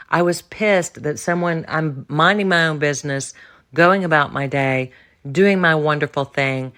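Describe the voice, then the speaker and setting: A woman's voice: low-pitched, normal speed, fairly bright tone. A woman talks alone on her podcast about personal growth, speaking bluntly and with conviction. She stresses key words by repeating them and often turns to address the listener directly. Her delivery stays self-assured and emphatic throughout. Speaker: podcast host. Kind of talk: solo monologue on personal development.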